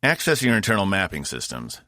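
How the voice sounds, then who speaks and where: A man's voice: sits low, huge pitch swings, brisk, bright, forceful tone, no room sound, studio quality, pitched above the performer's own voice, full character voice. A man doing a curt crew leader. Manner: curt, commanding. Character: tired, firm male crew leader. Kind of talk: audiobook narration.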